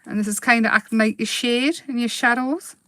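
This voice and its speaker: Bubbly, higher-voiced woman hosting a live craft demo, dry close sound. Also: steady tone, fairly quick, a bit bright, dry recording. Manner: chatty, giggly, talks while painting.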